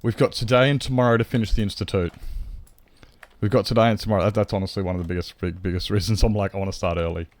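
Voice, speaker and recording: A man's voice: lowish voice, steady tone, racing, no room sound. A man streaming a game, chatting casually and rambling, swearing freely, into a desk microphone. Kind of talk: casual live-stream chat.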